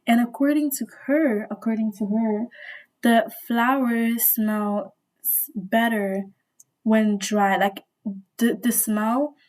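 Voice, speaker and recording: A woman's voice: on the high side, steady tone, takes it slowly, darkish tone, low-quality recording. A young woman vlogger, a little sick, rambling and gushing in casual slangy storytime chat.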